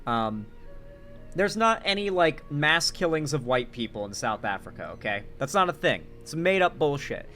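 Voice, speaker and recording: A young man offers casual political commentary, sarcastic and animated, shifting between loud emphasis and quiet asides. His voice is a little high and his speed normal, with faint music behind him.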